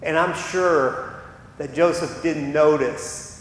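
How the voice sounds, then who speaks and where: A man preaching a sermon as pastor, impassioned and given to acting out what people say. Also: takes it slowly. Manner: impassioned, acts out quoted voices. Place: church sanctuary. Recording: echoey church hall with rumble.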